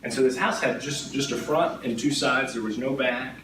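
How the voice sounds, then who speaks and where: A middle-aged man speaks at an event and tells stories to the crowd in a loose, chatty way, tagging many sentences with "right?". His voice sits at a mid pitch. It is picked up from a distance in a roomy hall, with steady background noise behind him. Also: normal speed. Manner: conversational, frequently adds "right?" tag questions. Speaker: insurance agent speaking as a guest. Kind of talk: storytelling talk to an audience. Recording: echoey room, distant mic, background noise.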